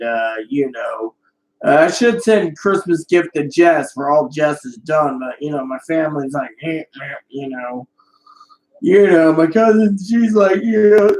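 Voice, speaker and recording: A man's voice: a little high, poor audio. A man talking casually to camera in a personal vlog, rambling and profane, with many fillers. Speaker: vlogger.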